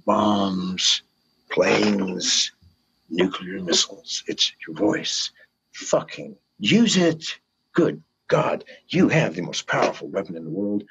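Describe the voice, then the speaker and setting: An older man giving an interview, fiery and profane, swinging from low mutters to shouted pleas. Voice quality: gravelly and husky. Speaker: guest. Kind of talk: impassioned interview rant. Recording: dull lo-fi call audio.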